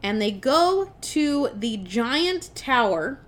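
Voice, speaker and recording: A young woman casually retelling a movie plot on a podcast, animated and chatty, with lots of fillers and swearing. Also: high-pitched, slow pace. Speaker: podcast co-host. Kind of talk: casual film recap.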